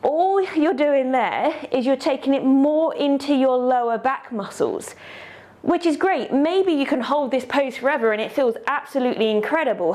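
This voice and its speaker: A woman leads a yoga lesson, talking through each pose with encouraging step-by-step cues. Her voice sits high, and she sounds a little out of breath as she moves. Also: darkish tone. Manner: encouraging, cueing poses step by step. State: slightly out of breath. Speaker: yoga teacher. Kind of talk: instructional yoga class.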